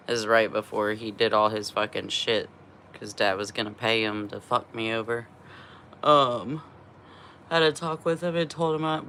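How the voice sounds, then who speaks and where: Middle-aged woman rambling on her vlog, feeling rough, laughs a lot, swears, bright tense voice, a little hiss behind. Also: extremely low pitch. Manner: laughs often, swears freely. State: unwell, rough from a cleanse. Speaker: vlogger. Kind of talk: casual chat.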